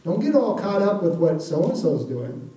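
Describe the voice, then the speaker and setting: A man's voice: sits high, very animated, a little slow, mellow. A man preaching a sermon in a conversational way, often asking the congregation for an amen. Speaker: pastor. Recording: echoey room, voice from far off the mic.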